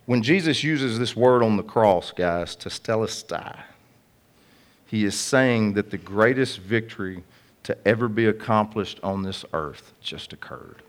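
Guy preaching, chatty and jokey with the congregation, kinda low voice. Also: normal speed. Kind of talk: sermon.

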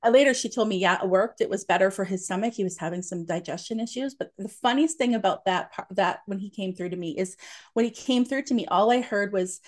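A woman's voice: mid-range voice, fast talker. A young adult woman, a medium, chatting eagerly and telling stories with many fillers and restarts. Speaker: medium, podcast guest. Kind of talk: casual chat.

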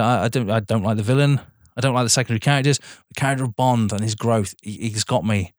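A man's voice: mid-range voice, fast talker, dry recording, studio quality. A man co-hosting a podcast, chatting eagerly about films, swearing and calling his friend mate. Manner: enthusiastic, swears, keeps saying "mate". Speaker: podcast co-host. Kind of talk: casual film chat.

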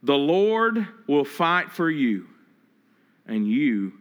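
A preacher, a man with a high and bright, ringing voice. He preaches in a loose, conversational way, stumbling over repeated words and slipping into little acted-out voices of the people in his stories. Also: big pitch swings, very slow, dull audio. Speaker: pastor. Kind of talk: sermon.

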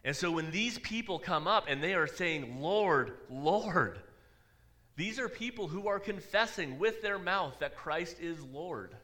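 A man's voice: high voice, animated, normal speed, few pauses, pushed and bright. A man, a pastor, preaching a sermon in a church in a conversational way, with dry asides.

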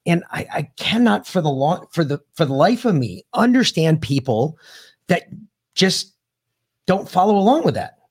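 A man's voice: on the high side, moderate pace, husky. Podcast host guy rambling about politics, voice bouncing all over. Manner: rambling, restarts, lively intonation. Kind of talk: casual political chat.

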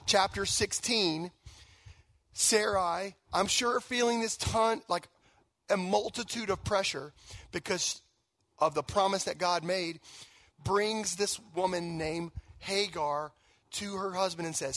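A man's voice: sits high, slow pace, no room sound. A man in his thirties, a guest pastor, giving a conversational sermon full of personal stories and casual fillers. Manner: conversational, animated storytelling with fillers.

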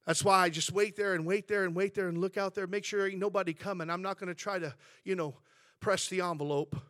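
Pastor, male, high tenor, animated storyteller, dry close sound. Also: fast, no echo. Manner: chatty storytelling, animated and humorous. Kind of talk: sermon.

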